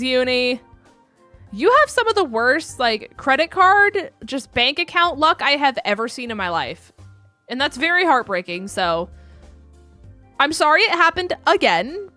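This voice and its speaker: A woman's voice: sits high, pushed and bright. A young adult woman chatting casually with her live-stream audience, rambling with many ums and likes.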